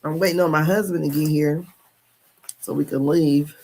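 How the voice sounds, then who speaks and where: A woman in her fifties hosts a casual live stream as a podcast host, chatty and candid and laughing often. Her voice is low and darkish, with a steady tone and a moderate pace.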